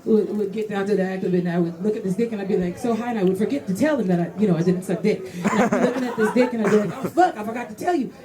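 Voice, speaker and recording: A woman's voice: mid-range voice, rapid-fire, few pauses. A young woman doing a loose, rambling stand-up set in a comedy club, often laughing between lines. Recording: live club recording with crowd laughter.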